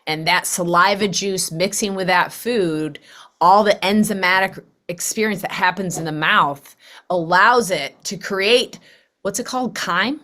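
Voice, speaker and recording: A middle-aged woman hosts a podcast in a casual conversational interview, talking animatedly and acting out the voices she quotes. Her medium-pitched voice is bright and forceful, and she keeps a measured pace.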